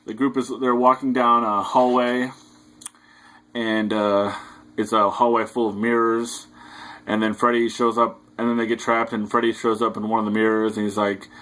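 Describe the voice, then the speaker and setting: A man's voice: lowish voice, fairly bright tone, low-quality recording. A young man casually recapping a film plot as a reviewer, hesitant and loose with lots of fillers. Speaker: movie reviewer.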